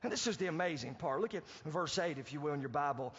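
A male pastor preaching a sermon, swinging from loud to hushed and acting out quoted pleas. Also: animated, quick pace, breathy edge. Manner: acts out quoted pleas in a higher voice. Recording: dull lo-fi sound, long hall reverb.

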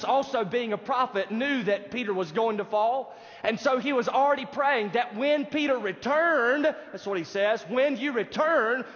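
Male pastor, emphatic sermon delivery, muffled lo-fi sound, high voice. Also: fairly bright tone. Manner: emphatic preaching, addresses congregation directly. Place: church sanctuary. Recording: dull sound in a reverberant hall.

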